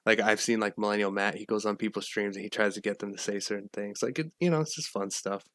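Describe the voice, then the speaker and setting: A man's voice: on the low side, steady tone, fast, a bit bright, dry recording, studio quality. A man hosting a casual livestream, rambling with repeats and restarts and greeting viewers from the chat. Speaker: livestream host.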